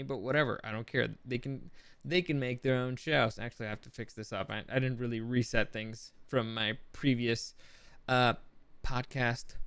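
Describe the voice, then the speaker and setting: A man's voice: medium pitch, a bit bright, clean tone, no room sound. Chatty man hosting a gaming commentary show. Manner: chatty, rambling, frequent self-corrections. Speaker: show host.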